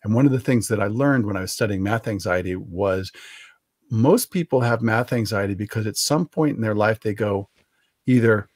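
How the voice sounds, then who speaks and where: A man's voice: lowish voice, moderate pace, dry recording, studio quality. Wry, matter-of-fact man guest. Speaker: author and guest. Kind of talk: casual interview chat. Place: home, remote video call.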